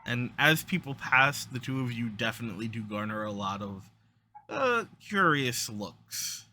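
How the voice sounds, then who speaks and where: A game master narrating a tabletop game in a lively, rambling way with fillers. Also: mid-range voice, measured pace, slight background noise.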